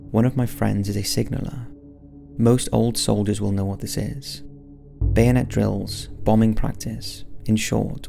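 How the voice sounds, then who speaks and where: Grave low man, gravelly narration. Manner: slow, grave, measured delivery. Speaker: narrator reading wartime letters. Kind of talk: solemn scripted narration. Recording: soft music underneath.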